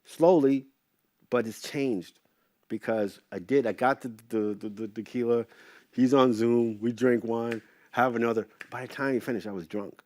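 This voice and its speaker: A middle-aged man as an interview guest, telling casual stories in an animated way, swearing freely and acting out what others said. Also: mid-range voice, normal speed, no room sound. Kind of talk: casual storytelling.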